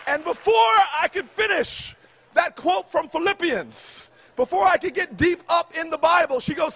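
Loud high-voiced comic telling a story. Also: male voice, moderate pace. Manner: loud, animated, often shouting. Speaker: comedian. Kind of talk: stand-up comedy storytelling.

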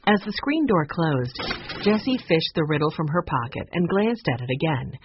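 Husky, expressive woman narrator. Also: sits low, normal speed, dull audio. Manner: expressive storytelling. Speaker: audiobook narrator. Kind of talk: scripted narration.

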